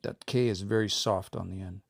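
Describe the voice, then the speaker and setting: A man giving a casual live-streamed language lesson, explaining step by step and repeating words slowly, with relaxed, informal phrasing. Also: sits low, vocal fry, no room sound, studio quality. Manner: relaxed, informal, says y'all and eh. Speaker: language teacher.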